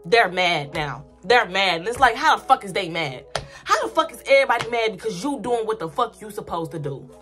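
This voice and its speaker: A woman's voice: mid-range voice, very animated, fairly quick, a bit bright, soft background music. A woman vlogger giving spiritual commentary in a blunt, profane, emphatic rant that repeats points over and over. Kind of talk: ranting casual commentary.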